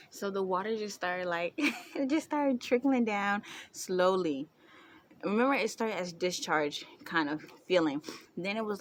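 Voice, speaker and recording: A woman's voice: lowish voice, a bit bright. A young woman vlogger casually telling a story to the camera, chatty, with frequent laughter. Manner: chatty, laughing often, many fillers.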